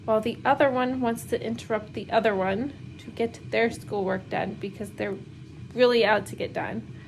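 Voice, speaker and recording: A woman's voice: fairly high pitch, steady tone, moderate pace, gravelly, a little hiss or hum, rough recording. A woman in her thirties, a homeschooling mother, rambling casually with many fillers and nervous laughs while doing laundry at home. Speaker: homeschooling mom vlogger. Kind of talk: casual vlog chat.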